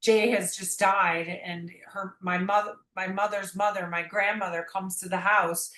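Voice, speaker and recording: A woman's voice: medium pitch, fairly even intonation, measured pace, a bit bright. Earnest, rambling woman in an echoey room. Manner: earnest, rambling, many restarts. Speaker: guest, memoir author. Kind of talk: reflective conversational interview.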